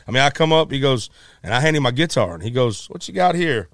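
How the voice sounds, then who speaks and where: Middle aged guy telling a long story, really lively, stumbles and restarts a lot, dry close sound. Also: medium pitch, fast, no echo. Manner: animated, acts out quotes, stammers and restarts. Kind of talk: casual storytelling.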